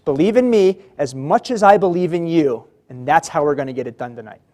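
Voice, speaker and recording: A man telling a story voices a perceptive blind mountaineer who speaks steadily and reassuringly. The voice sits fairly high and stays encouraging throughout. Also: animated, fairly quick, mellow, close to an everyday voice.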